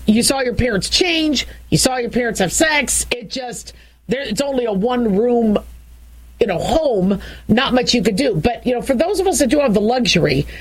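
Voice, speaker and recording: Woman, talk show host, middle-aged, frank, chatty, restarts a lot, slightly high voice. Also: slightly rough, low-quality recording. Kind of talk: casual talk radio monologue.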